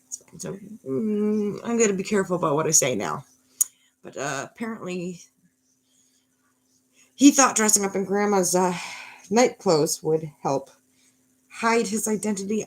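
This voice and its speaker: Brief: woman in her thirties, low-pitched, sarcastic rambling storyteller. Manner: wry, rambling asides. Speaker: mother telling a bedtime story.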